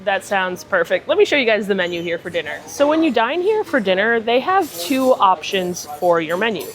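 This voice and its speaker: A woman's voice: mid-range voice, big pitch swings, moderate pace, music in the background. A woman hosting a casual food vlog, chatty and upbeat as she reviews dishes. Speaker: food vlogger host. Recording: crowd chatter behind. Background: crowd chatter on a cruise ship.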